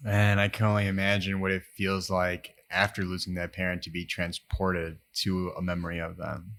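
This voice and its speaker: A man hosting a podcast interview, speaking in a reflective, thoughtful way with frequent pauses and fillers. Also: low-pitched, completely flat delivery, a bit bright. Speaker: podcast host. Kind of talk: conversational interview.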